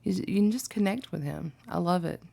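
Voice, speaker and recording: A woman's voice: on the low side, animated, a little fast, gravelly, dark tone. A young woman from Alabama, chatting casually and rambling with lots of ums and likes as she hosts a reaction video. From Alabama, USA. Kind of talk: casual reaction vlog chat.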